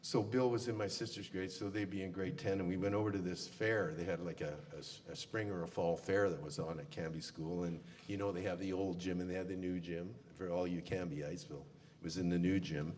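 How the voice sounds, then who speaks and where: Deep-voiced man giving a eulogy. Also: steady tone, moderate pace, a little mellow. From Canada. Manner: folksy storyteller with many fillers. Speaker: eulogy speaker. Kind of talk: funeral eulogy, anecdotal. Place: funeral service hall. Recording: long hall reverb, faint room noise.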